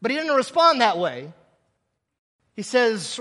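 A man preaching a sermon in an animated way, acting out the scenes he tells and dropping sarcastic asides. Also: very high voice, a little slow, long pauses, long reverb tail. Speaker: pastor.

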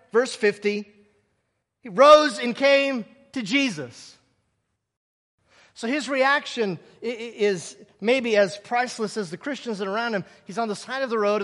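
A man preaching a sermon in an animated way, acting out the scenes he tells and dropping sarcastic asides. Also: extremely high pitch, in a large hall. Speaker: pastor.

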